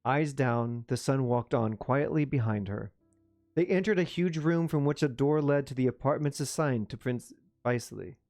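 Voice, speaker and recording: A man's voice: mid-range voice, moderate pace, a little mellow. A man reading a classic novel aloud on a live stream, breaking off for chatty, self-mocking asides. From United States.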